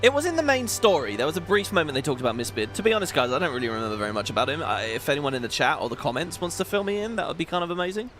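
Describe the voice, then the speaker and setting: Chatty man with lively pitch. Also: rapid-fire, few pauses. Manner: chatty, rambling, stops to laugh. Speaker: gaming video host. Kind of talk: casual let's-play commentary. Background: game music.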